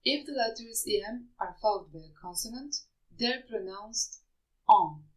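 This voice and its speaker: A woman's voice: on the high side, expressive, moderate pace, fairly bright tone, low-quality recording. A woman teaching pronunciation, spelling out rules and carefully over-articulating example words. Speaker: French teacher. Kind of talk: slow, deliberate pronunciation lesson.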